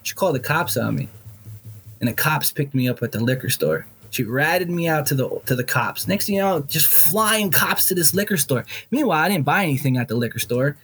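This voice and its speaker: A middle-aged man with a voice pitched a little high for a man, telling his own story as a guest. He talks bluntly and swears freely, throwing himself into the telling with animated energy. It comes across as candid and unpolished. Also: brisk, husky.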